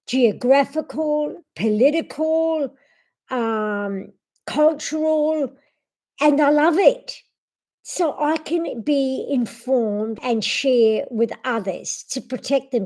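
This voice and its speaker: A woman's voice: high-pitched, darkish tone. A woman vlogger chatting casually and expressively to her viewers. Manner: talks to viewers and coos at her pet. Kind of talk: casual livestream chat.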